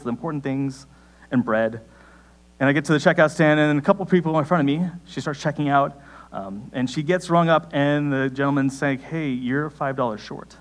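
Sharing a personal story from the pulpit, a young adult pastor keeps his sermon conversational while his pitch jumps up abruptly at times.

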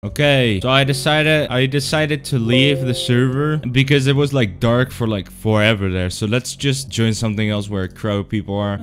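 A young man giving casual game commentary, excitable and swearing, breaking into sudden yells. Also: fairly low pitch, slight background noise. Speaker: gaming YouTuber.

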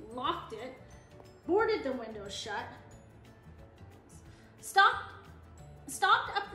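A woman reading a children's picture book aloud in an expressive, animated storytelling manner. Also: high-pitched, roomy sound.

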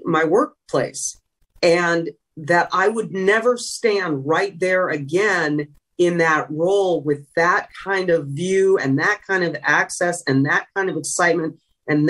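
A woman's voice: on the low side, fairly bright tone, breathy edge, recorded from a distance. A woman in a conversational interview, a former sideline reporter, telling reflective and emotional stories. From California. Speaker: guest, retired sideline reporter.

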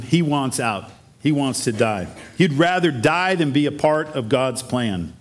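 Man preaching an earnest sermon. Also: medium pitch. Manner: earnest preaching, rhetorical questions to the congregation. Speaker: pastor. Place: church sanctuary.

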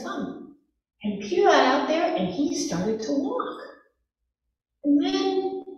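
A woman pastor giving a sermon, telling the story gently and softening to a hush on quoted words. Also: high voice. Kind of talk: sermon retelling a gospel story. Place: church sanctuary. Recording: echoey church hall from far off.

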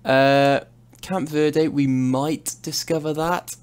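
A man's voice: on the high side, fairly even intonation, slow, smooth. A young man streaming a truck driving game, chatting casually and mocking himself as he drives. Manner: chatty, rambling, self-mocking. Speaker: gaming streamer. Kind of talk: casual live gameplay commentary.

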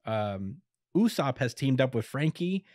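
A man's voice: mid-range voice, big pitch swings, darkish tone, dry recording, clean studio sound. Laid-back man recapping a comic chapter. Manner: laid-back, chuckles often, acts out quotes in quick bits. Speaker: podcast co-host recapping manga. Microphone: podcast microphone.

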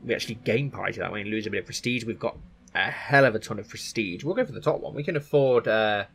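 Low-voiced man narrating a strategy game. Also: animated, quick pace, gravelly, a bit bright, a little hiss or hum. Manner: chatty, thinking aloud. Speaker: game commentator and storyteller. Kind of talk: casual let's-play commentary.

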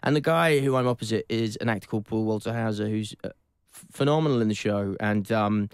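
A man's voice: fairly low pitch, fast talker, clear, resonant tone, dry recording. Welsh guy chatting in an interview, self-deprecating, lots of ums, dry close mic. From Wales. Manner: reflective, self-deprecating, many fillers. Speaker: actor guest. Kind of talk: casual interview chat.

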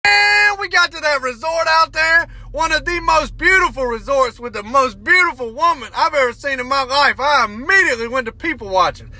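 A middle-aged man rants a crude comic story, loud and drawling. His voice sits very high with a piercing, bright edge. The sound is close and dry, as if recorded in a car. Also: animated, normal speed, few pauses, dry recording. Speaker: comedian. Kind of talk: comedic rant to camera.

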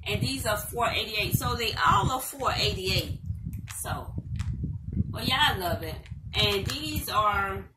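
A middle-aged woman vlogger chats casually to viewers in a haul video, repeating herself and calling them y'all. Her voice is medium-pitched, expressive, and slow. The recording is made in an echoey room with the mic at a distance and loud noise.

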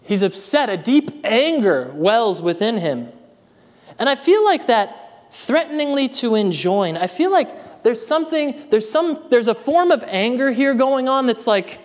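A man's voice: very high-pitched, big pitch swings, measured pace, in a large hall. A man preaching a sermon as pastor, reading scripture and then calling out to his congregation with building energy. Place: church sanctuary.

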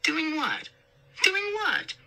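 A nagging, insistent mother on the phone, as a male narrator puts her on, with a high, lively lilt. Her voice is bright and keeps scolding. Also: extremely slow, gravelly, soft background music, exaggerated voice.

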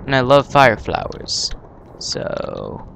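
A young man hosting a gaming channel, giving casual, excitable commentary on his own gameplay with yelps and laughs. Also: medium pitch, slow pace, vocal fry, slight background noise.

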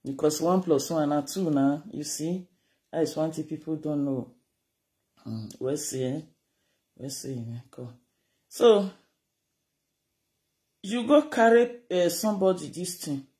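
A speaker with a Nigerian accent in a casual rant to camera, animated and scolding, switching between Pidgin and Yoruba. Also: medium pitch, unhurried, long pauses.

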